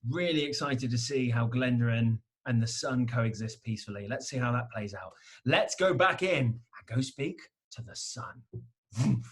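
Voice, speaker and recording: A bumbling, bossy detective who barks orders and blurts out whatever he thinks, as a man improvises him. His voice sits at an ordinary mid pitch. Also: moderate pace, a bit bright, natural voice. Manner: bossy and blunt. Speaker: improv performer. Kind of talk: live improv comedy.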